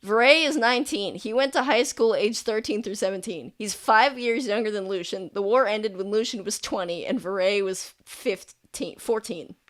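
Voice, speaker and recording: A woman's voice: medium pitch, normal speed, hardly any pauses. A woman narrating as game master of a tabletop game, chatty and rambling, often laughing.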